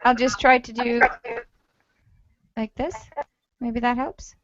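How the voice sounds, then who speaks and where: A woman's voice: on the high side, flat delivery, slow pace. Woman host, friendly interviewer on a lo-fi video call, audible hiss. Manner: friendly, encouraging questions. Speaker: podcast host. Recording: dull lo-fi call audio with hiss.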